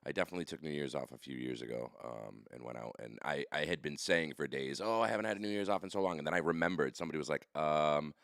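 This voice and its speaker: A man co-hosting a podcast chats casually, rambling, correcting himself mid-thought and laughing often. His voice is extremely low and gravelly yet fairly bright in tone, delivered quickly with hardly any pauses. The recording is dry and studio quality.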